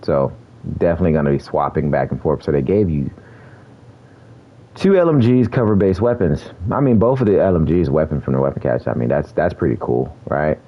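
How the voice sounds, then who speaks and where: A man's rumbling low voice moves at a brisk pace as he gives easygoing, chatty commentary on a video game, with lots of laughter and slang. He's a gaming streamer, and the recording sounds muffled.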